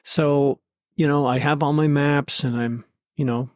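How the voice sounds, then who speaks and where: A man's voice: on the high side, steady tone, a little slow, no echo, studio quality. A man being interviewed as a podcast guest, telling his story in an earnest, heartfelt conversational way.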